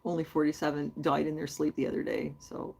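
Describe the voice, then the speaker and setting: A woman's voice: sits low, flat delivery, a little fast, vocal fry, darkish tone. A woman hosting a casual livestream, chatty and rambling as she answers her viewers. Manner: chatty and rambling, many fillers. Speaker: host.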